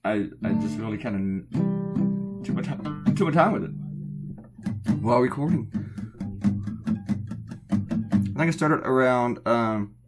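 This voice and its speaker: A man's voice: mid-range voice, expressive, measured pace, long pauses, over loud music. A middle-aged American man chatting casually while he draws a cartoon, rambling with sarcastic asides. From United States. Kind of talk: casual chat while drawing.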